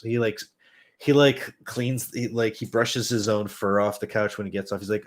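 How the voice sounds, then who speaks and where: A man's voice: on the low side, steady tone, moderate pace. A man hosting a podcast, telling a rambling, self-mocking, profane story in a casual comedic way. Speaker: podcast host.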